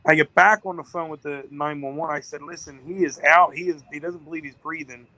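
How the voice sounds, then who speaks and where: A man's voice: on the high side, fairly even intonation, a little fast, bright, forceful tone, poor audio. A man, a business-owner guest on a podcast, telling a long story in an emotional, rambling way.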